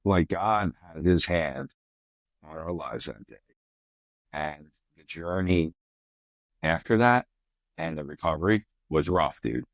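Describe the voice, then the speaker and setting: Deep-voiced young man, earnest and reflective. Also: lively intonation, slow, vocal fry, long pauses, dry recording, clean studio sound. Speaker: podcast guest. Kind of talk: casual conversation.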